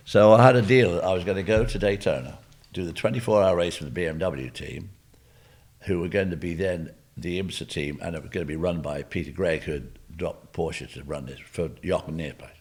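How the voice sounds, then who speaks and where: A man's voice: deep voice, moderate pace, a little mellow. An older man with an English accent, telling humorous racing stories as an interview guest, rambling with asides. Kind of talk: anecdotal storytelling.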